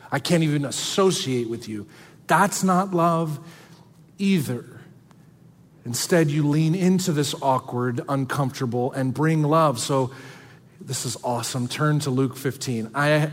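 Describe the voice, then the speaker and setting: Guy preaching, earnest and dramatic, goes quiet for effect, kinda high voice, big echoey church hall. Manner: earnest, dramatic preaching with sudden soft drops. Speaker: pastor. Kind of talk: sermon.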